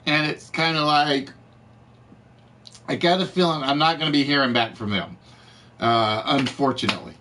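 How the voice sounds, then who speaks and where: A man hosting a live game show stream, ranting to his chat in an animated, exasperated way, his voice cracking. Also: on the high side, moderate pace, long pauses. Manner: animated, exasperated storytelling with repetitions. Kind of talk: casual rant to live chat.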